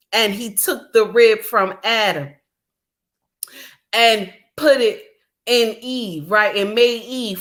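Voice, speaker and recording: Middle-aged woman, fired-up preachy rant, higher voice, unhurried delivery. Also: a bit bright. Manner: indignant, repetitive, preachy. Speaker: commentator. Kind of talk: ranting monologue.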